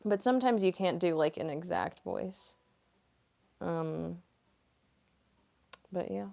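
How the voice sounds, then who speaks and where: A woman's voice: on the low side, animated, slow, gravelly, dark tone. A young woman voice actress chatting casually on a livestream Q&A, rambling and using lots of fillers. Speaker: voice actress and streamer.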